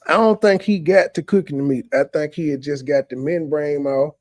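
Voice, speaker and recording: A man's voice: a little high, normal speed, darkish tone. A man giving casual, profane, mocking commentary on a clip as a streamer, heckling and mimicking the people in it.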